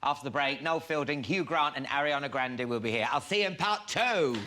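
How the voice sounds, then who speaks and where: A man's voice: a little high, heavy background noise. A man hosting a chat show, joking and giggling through the banter. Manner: giggly, quick with jokes, often laughs. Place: TV studio with audience.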